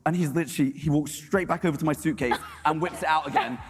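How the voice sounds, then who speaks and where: A man on a convention panel telling a story in an excitable way, laughing and acting out the scene. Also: a little high, fast talker, big-room sound, a crowd in the background. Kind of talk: animated storytelling on a convention stage. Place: large convention hall panel.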